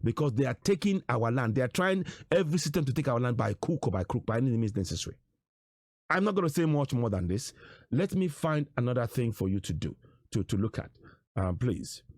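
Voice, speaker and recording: A man delivers political commentary, pressing the same rhetorical questions over and over. His voice is pitched mid-range but swings up and down animatedly. The sound is dry, with almost no room echo. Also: animated, fairly quick, a little mellow. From Nigeria. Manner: emphatic, repeats rhetorical questions and phrases. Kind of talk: online commentary on shared on-screen material.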